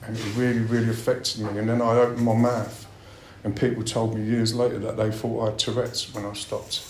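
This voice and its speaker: A man's voice: lowish voice, level tone, brisk, slight background noise. Blunt, swearing man sharing at a recovery meeting, roomy hall sound. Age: middle-aged. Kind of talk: personal share at a recovery meeting. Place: meeting room. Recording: roomy meeting-room echo.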